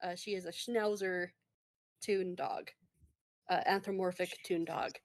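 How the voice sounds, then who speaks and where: A woman's voice: on the low side, steady tone, measured pace. A woman narrating as game master of a tabletop game, hesitant and full of fillers.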